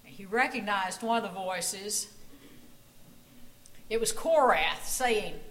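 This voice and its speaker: A woman preacher telling a dramatic story in a church sanctuary, often hushing her voice to a near whisper. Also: mid-range voice, animated, slow pace, long pauses, low-quality recording. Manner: dramatic, hushed storytelling with dropping voice. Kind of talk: storytelling sermon.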